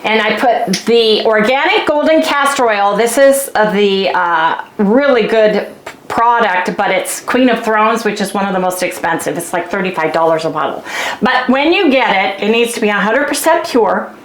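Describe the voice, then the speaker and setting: A woman's voice: medium pitch, expressive, moderate pace. A woman vlogging in a chatty, rambling way, ranting casually to her viewers. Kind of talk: casual vlog rant. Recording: echoey room.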